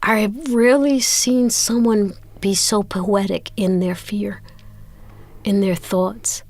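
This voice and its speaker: A woman telling a personal story as an interview guest, animated and stammering into repeats. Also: medium pitch, slow pace. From Brooklyn, New York. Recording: music playing underneath.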